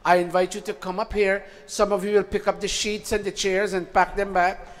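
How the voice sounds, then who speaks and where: A man's voice: high voice, level tone, brisk. A man leading a weekly gathering, making casual announcements and addressing people by name in an informal, friendly way. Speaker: spiritual teacher leading a satsang. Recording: long hall reverb with faint music.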